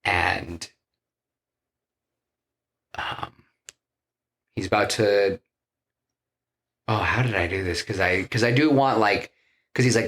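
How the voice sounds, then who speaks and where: A man's voice: deep voice, takes it slowly, long pauses, fairly bright tone. A man casually retelling a film plot on a podcast, rambling with many fillers and restarts. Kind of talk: casual chat, retelling a story.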